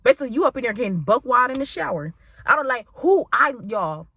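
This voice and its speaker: Young female vlogger, crisp bright tone, dry close sound, lively storytime delivery with emphatic repeats. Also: fairly high pitch, fast, no echo. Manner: animated, exclamatory, speaks straight to viewers as "y'all". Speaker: vlogger telling a college story. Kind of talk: storytime vlog.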